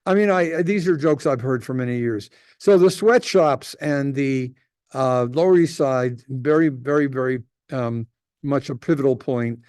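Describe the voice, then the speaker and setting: A man's voice: mid-range voice, measured pace, a little mellow, clean tone, dry recording, studio quality. A man, a rabbi, teaching a casual class, telling jokes and rambling with lots of restarts.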